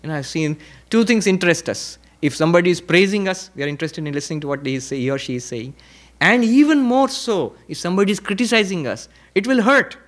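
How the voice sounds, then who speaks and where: Monk lecturer, moderately high male voice, reflective, emphatic pauses and repetition. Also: animated. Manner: reflective teaching with repetition and rhetorical questions; varies pitch and pace for emphasis. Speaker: monk and spiritual teacher. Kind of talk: spiritual lecture at a retreat.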